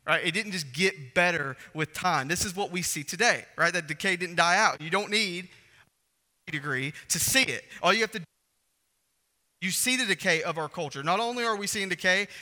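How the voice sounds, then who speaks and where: A man's voice: high-pitched, sharp tone. A man preaching a sermon as pastor, emphatic and repeating phrases for stress. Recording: echoey hall reverb.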